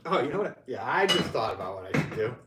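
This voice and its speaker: A man's voice: medium pitch, sing-song, fast talker, heavy background noise. A man chatting casually while he works during a live stream from his pottery studio, rambling, full of fillers, and laughing often.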